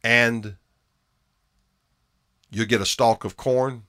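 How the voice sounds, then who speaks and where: A man preaching a sermon with emphasis, repeating key phrases and dropping from loud to hushed. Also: medium pitch, fairly even intonation, very slow, dry recording, clean studio sound.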